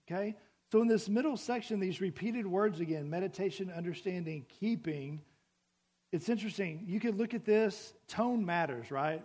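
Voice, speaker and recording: A man's voice: high voice, normal speed, darkish tone. A man preaching a sermon to a congregation in a church, conversational and full of questions to the room. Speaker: pastor.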